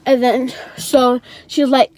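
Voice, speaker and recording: High-pitched teen girl, chatty dramatic retelling, dry mic. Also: flat delivery, slow, darkish tone, dry recording. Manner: chatty, dramatic retelling with many "I'm like" asides. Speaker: vlogger. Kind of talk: casual storytelling.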